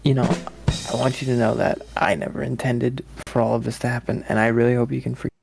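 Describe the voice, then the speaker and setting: A man's voice: mid-range voice, flat delivery, fast talker, gravelly, music in the background. A man voicing a lonely, clingy woman who coaxes and pleads with the friend she is holding captive. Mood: coaxing. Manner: pleading, coaxing. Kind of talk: live comedic script reading.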